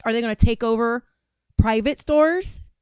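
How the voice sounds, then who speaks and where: A woman's voice: fairly high pitch, normal speed, darkish tone, smooth, dry recording. A woman in her thirties hosting a casual commentary show, ranting in a heated, sarcastic, profane way. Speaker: show host.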